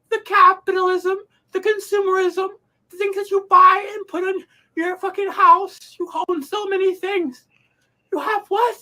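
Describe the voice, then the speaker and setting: A woman delivers a comic rant in a very high, sharp, bright voice. She hams it up with melodramatic fake crying and swears often. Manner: melodramatic mock sobbing, swearing. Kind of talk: comedic rant.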